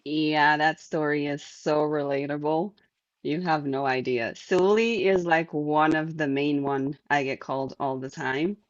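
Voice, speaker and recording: A woman's voice: low-pitched, fairly even intonation, measured pace, dry recording, highs cut off. A young woman who is a guest on a podcast, chatting casually, laughing often and mimicking other people's voices. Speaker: podcast guest, sales strategist.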